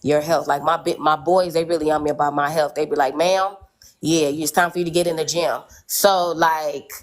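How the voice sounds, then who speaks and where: A woman's voice: sits low, fairly even intonation, normal speed. A middle-aged woman on a podcast panel, speaking candidly in casual, slangy chat. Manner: candid, storytelling, slangy, repeats "you know what I'm saying".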